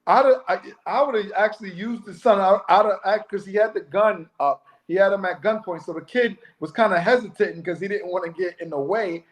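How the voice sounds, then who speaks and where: A man who used to be a police officer, talking casually and acting out quoted lines in a naturally loud voice. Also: high voice, fairly quick, few pauses. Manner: loud voice, acts out quoted speech. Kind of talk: casual podcast conversation.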